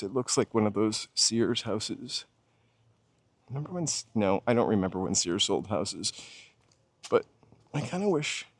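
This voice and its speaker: A man's voice: mid-range voice, no echo. Chatty American man musing on a walk. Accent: General American. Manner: chatty, musing aloud, answering viewers' chat. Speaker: walking tour livestream host. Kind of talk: casual livestream chat. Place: outdoors on a city street while walking.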